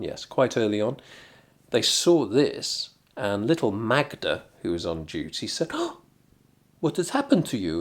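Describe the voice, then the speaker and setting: A middle-aged man from England, telling a rambling comic story in a deadpan, digressive way with muttered asides. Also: fairly low pitch. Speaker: vlogger.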